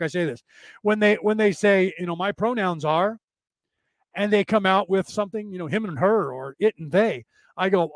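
A man's voice: high-pitched, no echo. A man hosting a podcast class, talking in a rambling, sarcastic monologue with profanity, acting out quoted exchanges. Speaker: podcast host teaching a class. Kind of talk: casual lecture-style monologue.

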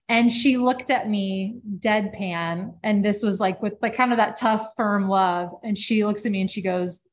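A woman co-hosting a podcast, telling a personal work story in a casual, lively way with many filler words. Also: mid-range voice, measured pace, hardly any pauses. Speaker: podcast co-host.

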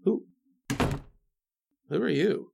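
A flustered mystery writer. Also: male voice, high-pitched, expressive, drawn-out words, vocal fry, heavy background noise, heavily acted. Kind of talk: 1930s radio drama acting.

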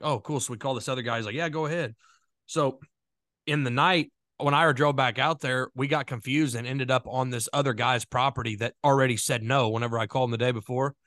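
A man co-hosting a casual podcast chat, telling hunting stories with quick bursts of laughter. His voice sits at an ordinary middle pitch. The sound is dry and close, with no room around it. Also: fairly bright tone, dry recording. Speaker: podcast co-host.

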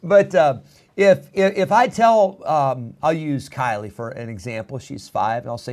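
A man's voice: medium pitch, animated, moderate pace, a little mellow. A pastor in his thirties preaching a sermon in an earnest, emphatic way, repeating key phrases.

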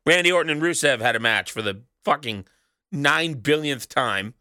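A man's voice: lowish voice, bright, forceful tone, dry recording, clean studio sound. A man hosting a solo wrestling recap show, rambling and sarcastic, swearing casually as he talks alone in a small booth. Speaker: wrestling podcast host.

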